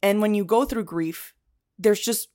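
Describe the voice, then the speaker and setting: Expressive woman chatting, quick bursts. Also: medium pitch. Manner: expressive storyteller, quick bursts, drops Spanish fillers. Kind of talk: casual chat.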